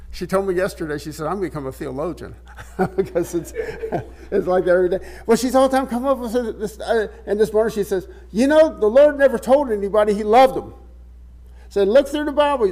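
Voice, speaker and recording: A man's voice: sits high, darkish tone. A man preaching a sermon, reading scripture aloud and explaining it in a casual, conversational way, often repeating words as he looks for the phrase. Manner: reads scripture aloud in King James wording.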